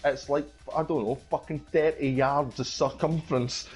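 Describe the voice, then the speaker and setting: A man's voice: mid-range voice, steady tone, normal speed, a little mellow, slightly rough, faint music behind. A Scottish man chatting casually on a gaming stream, sardonic and swearing freely. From Scotland.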